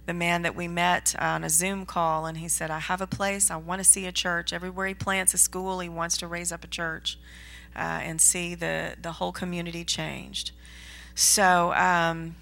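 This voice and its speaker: Woman pastor, low creaky voice, bright edge, casual halting delivery. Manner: casual, hesitant, full of fillers. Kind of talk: church announcements.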